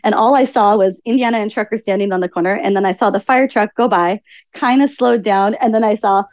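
A woman telling stories as a podcast guest, bringing them to life by acting out quoted speech in livelier bursts. Her voice sits at an ordinary middle pitch. The recording is dry and close, with a slightly dull, lo-fi tone. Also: a little fast, a little mellow, no echo. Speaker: podcast guest, author and nutritional coach. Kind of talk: conversational interview storytelling.

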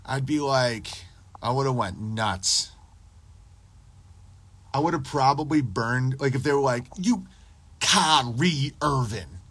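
A man's voice: mid-range voice, unhurried, pauses often, no echo. A man hosting a casual livestream podcast, ranting in a crude, profane, rambling and boastful way while answering his live chat.

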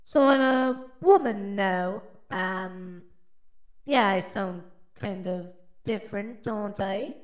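A higher, slowed female-sounding voice, which an Irish man makes with a voice changer. It teases the listener in an amused way, with an Irish accent. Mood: teasing. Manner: teasing, amused. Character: woman's voice, teasing. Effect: voice changer, pitched up to female.

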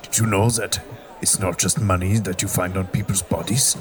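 A man in a tabletop game plays a puzzled orc with a slow delivery. His voice sits low. Chatter from other people is clearly heard behind him. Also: steady tone. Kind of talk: casual tabletop role-play.

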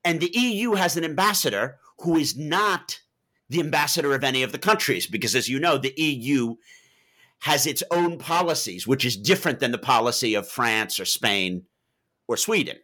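A man interviewed as an author, explaining at length and telling lively anecdotes in a digressive way. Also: medium pitch, normal speed.

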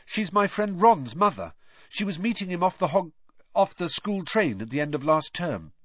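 A man's voice: high voice, sing-song, normal speed, dry recording, voice pushed up. A man voicing a thirteen-year-old boy wizard who answers curtly and coolly defiant. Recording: dry, slightly dull recording.

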